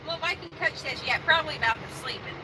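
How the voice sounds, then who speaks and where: A woman's voice: high-pitched, quick pace, noisy background. A woman co-hosting a casual live stream from a truck cab, reading viewer comments and teasing her partner. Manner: teasing, corrects his pronunciation.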